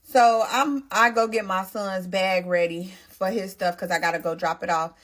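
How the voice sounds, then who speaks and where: A young adult woman telling her own story in a casual storytime monologue, emotional and animated, talking straight to her viewers. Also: medium pitch, normal speed.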